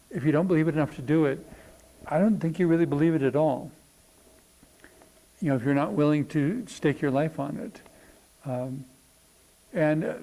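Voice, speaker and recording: A man hosting a reflective talk on spirituality, thinking aloud with many pauses and fillers. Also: on the high side, darkish tone, low-quality recording. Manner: thoughtful, unhurried, many ums and pauses.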